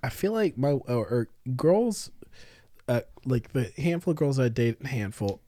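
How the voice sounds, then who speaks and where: A man's voice: mid-range voice, very animated, measured pace, mellow. Laughing, rambling male podcast host. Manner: laughs a lot, rambling and self-mocking. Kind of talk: casual chat.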